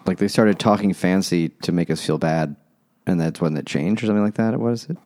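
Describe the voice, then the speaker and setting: A man's voice: low voice, a little fast, a little mellow. A man co-hosting a casual book podcast over beers, laid-back and joking, rambling with restarts. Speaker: podcast host.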